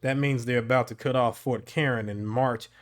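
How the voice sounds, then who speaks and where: A man voicing a rough, scarred army officer who talks in a coarse, belligerent growl. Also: mid-range voice, steady tone, moderate pace, close to an everyday voice. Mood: gruff. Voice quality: rough, gruff.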